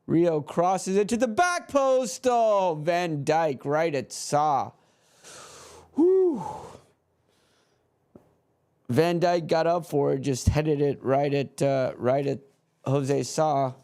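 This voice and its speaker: Gravelly, slow-talking frustrated fan commentator. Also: male voice, on the high side. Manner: frustrated, heavy swearing; swings from flat calm to loud outbursts. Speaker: fan commentator on a match watch-along. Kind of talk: live play-by-play commentary.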